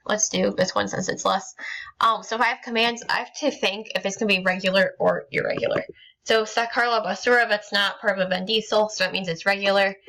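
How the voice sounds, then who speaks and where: A woman teacher talks through a recorded lesson at a middling pitch. Her tone is bright and crisp, and she moves step by step with frequent ums and small restarts. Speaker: Spanish teacher.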